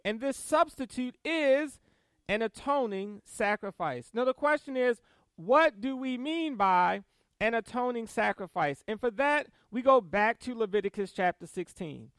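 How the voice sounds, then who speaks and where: A man preaches with a high, lively voice that swings up and down as he reads verses and presses each point home. He breaks into quick asides and soft laughs. The sound is dry and close, with no room echo. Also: clear, resonant tone. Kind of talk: sermon. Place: church service.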